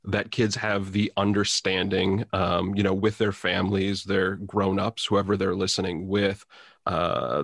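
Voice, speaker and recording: Gravelly man, measured podcast co-host. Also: low voice, a bit bright, dry recording, studio quality. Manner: measured, hesitant with "um" and "uh". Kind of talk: casual podcast chat.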